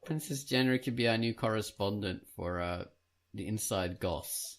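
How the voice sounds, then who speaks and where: A man hosting a casual podcast interview, teasing the guest and hesitating often. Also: fairly low pitch. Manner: unhurried, lively and teasing, with lots of hesitations. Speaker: podcast host.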